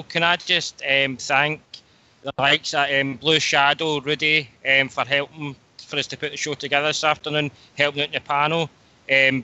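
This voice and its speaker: A man hosting a casual call-in radio show, talking in a halting way with frequent pauses. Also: fairly high pitch, sharp tone, clear, resonant tone, dull audio. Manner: halting, pauses often mid-sentence. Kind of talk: casual sign-off chat.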